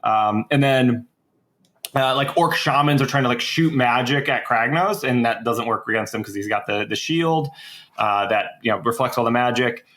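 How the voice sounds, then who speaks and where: A man's voice: medium pitch, moderate pace, fairly bright tone. A young man casually recapping a story on a podcast, rambling with lots of fillers and restarts. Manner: rambling, heavy on "like" and "uh", many restarts. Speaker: podcast co-host. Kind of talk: casual lore recap chat.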